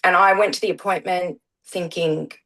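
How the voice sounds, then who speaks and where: A woman's voice: lowish voice, steady tone, moderate pace, bright, forceful tone, rough recording. A middle-aged woman, telling her story as a guest in a casual interview, with many "um" fillers. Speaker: guest, parent.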